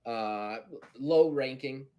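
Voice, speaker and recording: A man's voice: medium pitch, extremely slow, muffled recording. A man narrating as game master, loose and chatty with many fillers. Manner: loose, filler-heavy narration with frequent laughs. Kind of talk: narrating a tabletop role-playing game.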